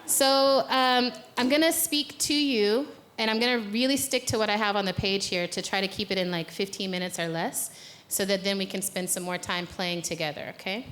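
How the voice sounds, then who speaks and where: A woman's voice: medium pitch, steady tone, normal speed, fairly bright tone. Playful American woman speaking on stage. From United States. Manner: playful, conversational, laughs at own jokes. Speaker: speaker and organizer. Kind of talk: guided exercise then talk. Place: conference venue.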